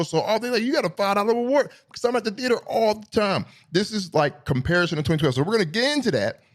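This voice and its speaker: A middle-aged man hosting a solo podcast, talking casually in a rambling, profane, animated way. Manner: animated, profane, rambling, swings between high and low pitch. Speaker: podcast host.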